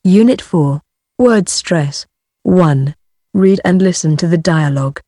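A woman narrating a pronunciation textbook's audio, reading instructions slowly and deliberately. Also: on the low side, dark tone, no echo, clean studio sound.

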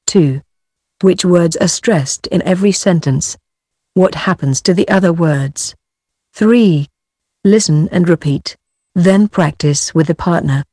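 A woman narrating a pronunciation textbook's audio, reading instructions slowly and deliberately. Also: on the low side, dark tone, breathy edge, no echo, clean studio sound.

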